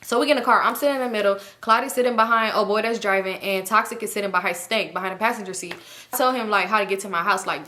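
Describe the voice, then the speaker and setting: Bright-voiced animated woman telling a story. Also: medium pitch, rapid-fire. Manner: animated, acts out quotes of friends; chatty with frequent fillers and swearing. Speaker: storytime vlogger. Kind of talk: casual storytime.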